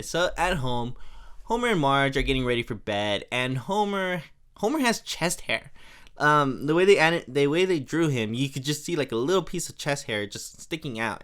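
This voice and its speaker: A young man hosting a podcast, casually recapping an episode, chatty and laughing often, briefly acting out lines in quick voices. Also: fairly high pitch, a bit bright. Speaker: podcast host.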